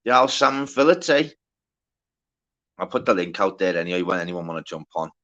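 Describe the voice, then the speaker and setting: A man's voice: deep voice, lively intonation, a little fast, sharp tone, highs cut off. A man hosting a casual livestream, reading out the chat, greeting viewers by name and bantering with plenty of swearing. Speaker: livestream host.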